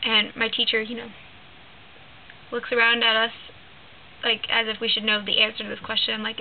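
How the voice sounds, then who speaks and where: A woman's voice: fairly high pitch, monotone, moderate pace, pauses often. A teenage girl vlogger telling a long joke to the camera in a rambling way, full of "like" and "um". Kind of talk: casual storytelling to camera. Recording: lo-fi phone-like sound with faint hiss.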